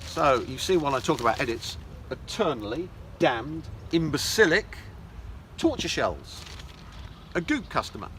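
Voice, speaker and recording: A man's voice: a little high, big pitch swings, a little slow, a bit bright, a little hiss or hum. A man giving a mocking lecture, reading articles aloud with scornful, sarcastic asides. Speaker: esoteric teacher.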